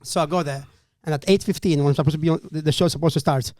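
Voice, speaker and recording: Animated high-voiced male storyteller. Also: racing, no echo. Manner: animated storyteller, swearing, acting out quotes. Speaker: comedian telling a gig story. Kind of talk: casual podcast anecdote.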